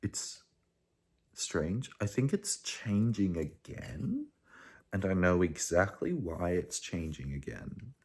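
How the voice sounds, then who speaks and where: A young man vlogging to camera in a rambling, sweary way, swinging between hushed and loud. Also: low-pitched, very animated, slow.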